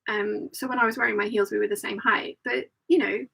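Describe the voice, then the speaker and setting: A woman's voice: medium pitch, steady tone, a little fast, creaky, a bit bright, husky, rough recording. A middle-aged woman hosting a casual live-stream chat, telling funny stories and laughing often. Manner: chatty storytelling, laughs often. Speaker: host.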